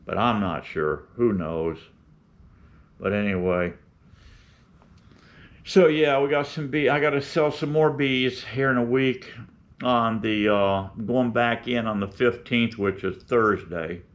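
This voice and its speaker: A man's voice: medium pitch, takes it slowly. Rambling older man, lo-fi. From Florida. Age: 70s. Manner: folksy, opinionated, rambling with restarts. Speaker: beekeeping channel host. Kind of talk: rambling casual vlog talk. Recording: dull lo-fi sound.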